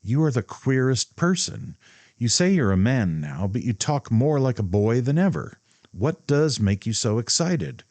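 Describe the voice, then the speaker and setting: A man voicing a spirited young woman who teases gently in a light, raised voice. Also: medium pitch, very animated, measured pace, dry recording, pitched above the performer's own voice. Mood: teasing.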